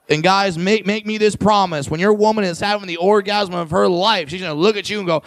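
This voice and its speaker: On stage at a comedy club, a stand-up comedian with a high, gravelly voice talks fast with few pauses. He's brash and crude, working the crowd and teasing audience members, captured in a dry recording.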